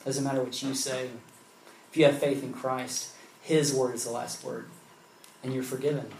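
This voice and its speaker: Casual, chatty preacher in an echoey room. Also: male voice, medium pitch, little pitch movement, moderate pace, creaky, slight background noise. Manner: conversational storytelling, many "like" fillers, quiet prayer. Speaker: pastor. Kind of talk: sermon.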